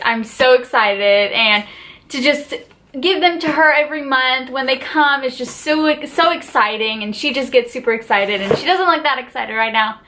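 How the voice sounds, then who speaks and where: A woman's voice: sits high, measured pace, bright, forceful tone. A woman vlogger gushing in a casual haul and unboxing video, chatty and full of fillers like "like" and "just".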